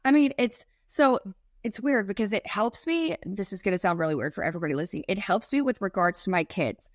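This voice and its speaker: A woman's voice: mid-range voice, animated, fairly quick, no room sound, clean studio sound. A woman in her thirties co-hosting a podcast, talking in a casual, rambling way with many fillers. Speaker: podcast co-host.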